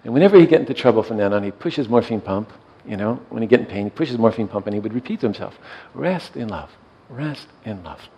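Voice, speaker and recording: A man who works in hospice care, telling a story gently and softly, often checking in with his listener. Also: on the low side, rapid-fire, hardly any pauses, rough recording. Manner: soft-spoken, often checks in with "yeah?". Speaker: hospice worker and meditation teacher.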